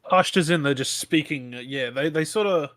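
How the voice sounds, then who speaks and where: A man's voice: fairly high pitch, normal speed, fairly bright tone, no room sound. A man narrating as game master in a casual, hesitant way, with plenty of fillers.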